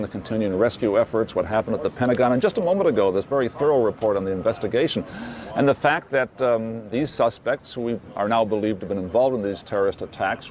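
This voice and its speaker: A man's voice: fairly low pitch, a little mellow. A man reporting as a television correspondent, reflective and questioning. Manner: thoughtful, questioning. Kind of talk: reflective news commentary.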